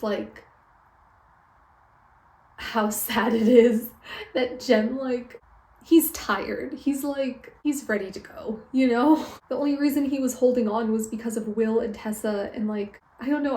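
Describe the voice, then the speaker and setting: A woman's voice: on the high side, measured pace, warm tone, echoey room. A young woman casually recapping a novel for her vlog, gushing and emotional, filling her talk with "like" and frequent laughs, recorded on a phone camera. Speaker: book vlogger. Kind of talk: casual chatty book recap. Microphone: phone back camera.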